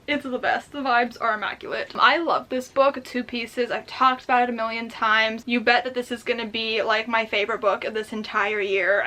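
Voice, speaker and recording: Bright, gushing young woman book vlogger. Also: fairly high pitch. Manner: gushing, effusive, laughs often. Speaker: book YouTuber. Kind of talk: casual book haul vlog.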